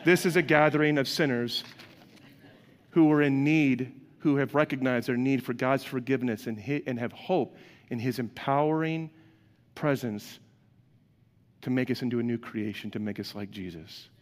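A man's voice: mid-range voice, moderate pace, big-room sound. A man delivering a sermon as pastor, in a conversational way, acting out quoted voices and asking the congregation questions.

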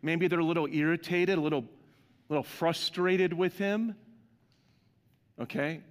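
A male pastor giving a sermon, animated and putting questions to the congregation. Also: on the high side, a little slow, smooth, big-room sound.

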